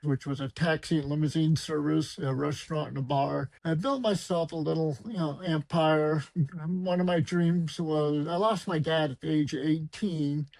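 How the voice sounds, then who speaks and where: A man's voice: fairly high pitch, fairly even intonation, normal speed, vocal fry, a little mellow, dry recording, low-quality recording. A middle-aged man, a podcast guest, telling his life story casually with plenty of "you know" fillers. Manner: conversational, with fillers.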